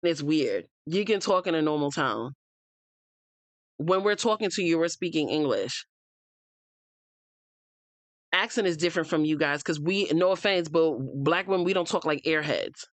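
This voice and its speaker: A woman's voice: low-pitched, animated, normal speed, long pauses, dry recording. A woman from the United States hosting a reality TV recap, talking bluntly and heatedly, swearing freely and addressing the cast members directly. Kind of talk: opinionated casual recap.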